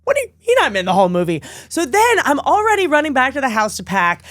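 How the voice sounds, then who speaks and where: A woman's voice: high-pitched, quick pace, no room sound, studio quality. A young adult woman, a guest actress, telling stories in a casual podcast chat and acting out the people she quotes. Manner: animated, acts out quoted dialogue.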